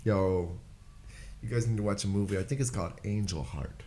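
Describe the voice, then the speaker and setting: A man's voice: on the low side, fairly quick, dark tone, a little hiss or hum. A man co-hosting a podcast, talking in crude, joking banter with friends. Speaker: podcast co-host. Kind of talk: casual banter among friends.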